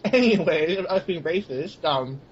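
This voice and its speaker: Young dude cracking jokes, high-ish voice, faint hiss. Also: male voice, animated, normal speed. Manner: wisecracking, mumbly asides. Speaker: co-host, joking sidekick. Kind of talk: casual chat. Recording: dull lo-fi home recording with faint hiss.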